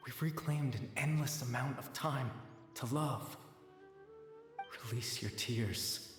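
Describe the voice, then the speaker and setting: A man voicing a mysterious, gentle storyteller in a video game, speaking softly and slowly to soothe. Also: medium pitch, faint music behind. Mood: soothing. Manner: soft, slow, soothing. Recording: echoey, long reverb.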